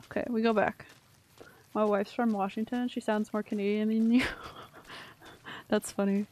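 A woman's voice: mid-range voice, level tone, a little slow, a little mellow. A young woman streaming a video game, chatting casually and rambling, swearing freely and poking fun at herself. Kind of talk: casual gameplay commentary.

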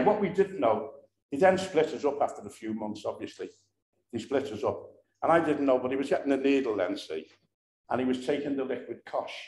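A man's voice: mid-range voice, a little mellow. An older man telling humorous, earthy stories at a commemoration event, often repeating himself and restarting phrases. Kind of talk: anecdotal storytelling. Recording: echoey room.

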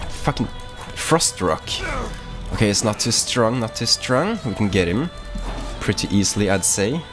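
A man's voice: on the low side, sing-song, unhurried, music in the background. A man giving casual, rambling let's-play commentary, swearing freely and talking offhandedly as he plays. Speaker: gaming YouTuber.

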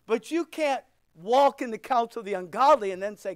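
A man's voice: very high voice, animated, normal speed, dry recording, clean studio sound. A male pastor preaching a sermon and leading a closing prayer, impassioned and emphatic, repeating phrases for weight and quoting scripture.

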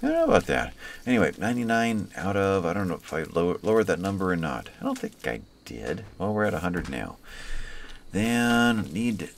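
Low-voiced man narrating his gameplay. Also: big pitch swings, normal speed, creaky, a little hiss or hum. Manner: easygoing, talks to colonists by name. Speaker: let's play host. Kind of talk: casual gameplay commentary.

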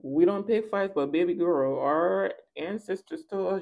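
A woman's voice: on the low side, a little slow, creaky, darkish tone. Sassy, playful woman tarot reader. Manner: playful, sassy and theatrical, with singsong rhymes and acted-out quotes. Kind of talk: casual tarot reading to viewers.

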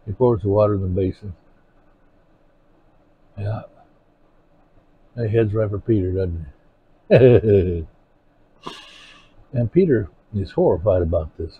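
A man's voice: on the low side, expressive, a little slow, long pauses, husky, no echo. A man preaching a sermon to his congregation, earnest and asking them pointed questions. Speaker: pastor. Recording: tinny phone-like sermon recording.

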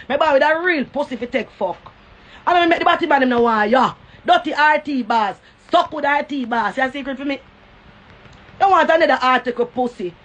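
A woman's voice: sits high, fairly bright tone, muffled recording. A Jamaican woman ranting on a phone live stream, full of profanity and taunts that keep repeating. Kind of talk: cussing rant on a live stream.

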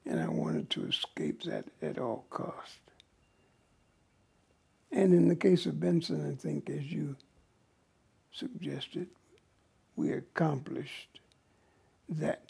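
Older guy talking real slow, gravelly husky voice, kinda breathy as he tells his stories. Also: a little high, dark tone. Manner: slow, halting, breathy at times. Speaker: interview guest, actor. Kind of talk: reflective storytelling.

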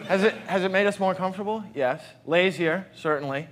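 Stand-up comic over a laughing crowd. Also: male voice, sits high, noisy background. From Boston. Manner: stammering restarts, mock indignation, slow deliberate punchlines. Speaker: stand-up comedian. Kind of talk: stand-up comedy set. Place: comedy stage before a live audience. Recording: live stage mic with crowd laughter.

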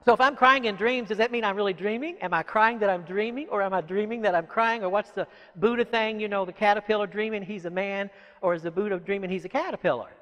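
High-voiced man talking in an echoey hall. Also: quick pace. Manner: animated and rambling, full of "you know" asides. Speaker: author giving a talk. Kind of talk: talk to a live audience.

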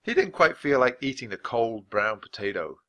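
Bright, expressive male storybook reader. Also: medium pitch. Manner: clear, measured, expressive. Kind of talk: scripted narration for language learners.

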